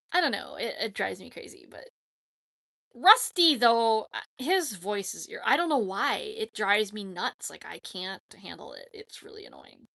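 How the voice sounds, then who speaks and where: A woman's voice: on the high side, gravelly, bright, forceful tone. A woman chatting casually on a live stream, rambling and emphatic, often adding "like, seriously.". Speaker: YouTube streamer answering chat.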